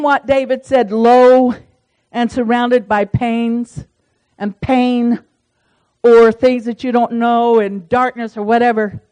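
A woman's voice: a little high, darkish tone, rough recording. A woman leading a small-group Bible study, talking in a folksy, chatty way and reading verses aloud. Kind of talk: casual Bible study teaching.

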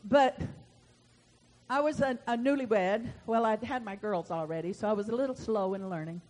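A middle-aged woman preaching a sermon in a folksy, animated storytelling manner, acting out the voices of the people in her stories. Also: fairly high pitch, poor audio.

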